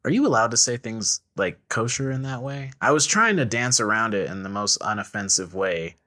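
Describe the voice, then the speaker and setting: A man's voice: fairly low pitch, expressive, normal speed, sharp tone. A young man co-hosting a podcast, joking and riffing through casual comedic chat. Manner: joking, riffing, frequent laughs. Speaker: podcast co-host.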